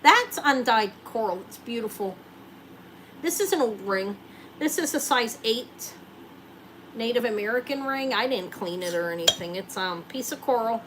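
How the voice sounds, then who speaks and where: A woman's voice: a little high, lively intonation, normal speed. Woman host of a live jewelry sale; casual, chatty, joking, slight background noise. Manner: chatty, joking, thinks aloud while showing rings.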